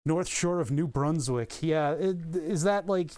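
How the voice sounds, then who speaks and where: A man's voice: on the high side, unhurried, a little mellow, a little hiss or hum. A man streaming from his home workshop, chatting casually and rambling, often chuckling at his own jokes. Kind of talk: casual live-stream chat while working.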